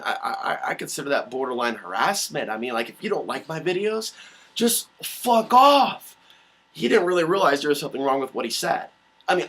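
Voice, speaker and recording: Male vlogger, slightly high voice, animated profane rant on a webcam mic. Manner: animated, swearing, mocking voices. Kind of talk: rambling solo vlog rant.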